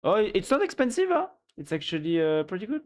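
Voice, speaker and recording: Streamer through a pitch-down voice changer. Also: male voice, wildly swooping pitch, fast. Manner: rambling, many restarts, reads chat aloud. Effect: voice changer lowering the pitch. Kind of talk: casual live-stream chat about gear. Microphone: studio mic on a boom arm.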